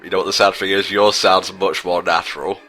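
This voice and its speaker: A man with a very low, deep voice and a bright, forward edge trades dry, sarcastic asides while playing through a video game. Faint game music runs underneath his casual commentary. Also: level tone, brisk, poor audio. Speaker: let's play co-commentator.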